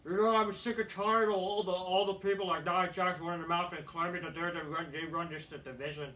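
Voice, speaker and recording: A cocky female wrestling champion brags and taunts her rivals, as a man reads her promo aloud. The voice is high and sharply bright. It sits a little distant from the microphone. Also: steady tone, a little fast. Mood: boastful. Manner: boastful, taunting.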